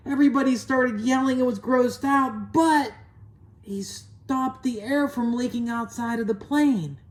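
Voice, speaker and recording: A woman narrating a children's story with slow, expressive telling. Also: high voice.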